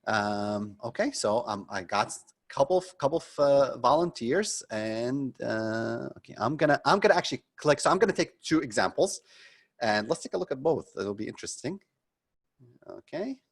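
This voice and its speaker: A man's voice: medium pitch, expressive, normal speed, slightly rough. A middle-aged man leading a live webinar as a marketing consultant, critiquing frankly and conversationally, with many ums and restarts.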